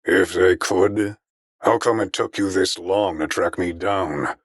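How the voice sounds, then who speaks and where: A man's voice: lowish voice, normal speed, gravelly, fairly bright tone, dry recording, clean studio sound. A man voicing a defiant, angry old man who talks back through gritted teeth. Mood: defiant anger.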